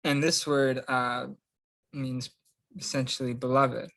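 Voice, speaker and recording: Slow, easygoing young male language tutor. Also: medium pitch, little pitch movement, fairly bright tone. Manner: casual, unhurried, drawn-out pronunciation of each word. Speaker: Greek instructor. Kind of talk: recorded screen-share practice lesson.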